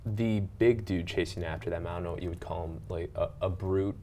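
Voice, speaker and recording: Young guy, lowish voice, drops movie trivia in short dry bits on a podcast. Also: steady tone, a little fast, a crowd in the background. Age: young adult. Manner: dry, trivia-minded, brief remarks. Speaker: podcast co-host. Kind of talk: casual film discussion chat.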